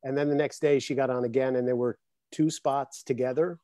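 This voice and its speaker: A man's voice: mid-range voice, brisk, no room sound, clean studio sound. A man, a guest drummer, telling stories with lots of laughter in a casual chat over a video call. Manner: animated storyteller, laughs often. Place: home, in Connecticut.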